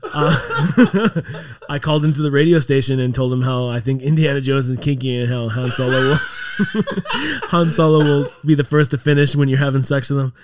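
A man's voice: mid-range voice, fairly even intonation, normal speed, heavy background noise. Profane ranting man hosting a podcast. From Canada. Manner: profane, ranting, laughing often. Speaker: podcast host. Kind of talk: casual chat.

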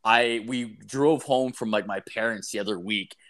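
A man's voice: on the low side, moderate pace, fairly bright tone. A young man from Canada telling crude stories in casual chat, rambling and swearing, with lots of fillers. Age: young adult. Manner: rambling, profane storytelling with many fillers.

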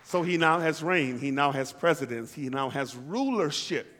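A man's voice: on the high side, lively intonation, normal speed, a bit bright, big-room sound, a little hiss or hum. A pastor preaching a sermon to his congregation, calling for responses and repeating lines for emphasis. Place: church hall.

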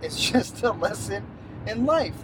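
A man's voice: high-pitched, a little slow. A man in his thirties telling a story in casual chat, acting out the people he quotes and laughing as he goes. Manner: animated, acts out quotes, laughs mid-story. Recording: noisy recording with traffic outside.

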